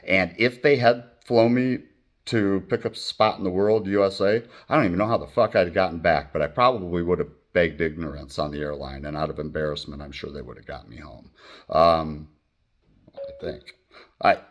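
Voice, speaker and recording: Brief: middle-aged man, low voice, blunt profane rambling storyteller. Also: normal speed. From Michigan, United States. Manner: profane, blunt and animated, acting out quoted voices. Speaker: channel host telling a personal story.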